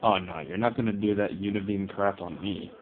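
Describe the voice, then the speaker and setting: A low-voiced man talks his way through a fighting game, grumbling at his opponents and shouting out attack names as he plays. His voice comes through a tinny, phone-like mic with a faint hiss behind it. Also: a little fast. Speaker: let's play gamer. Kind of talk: gameplay commentary.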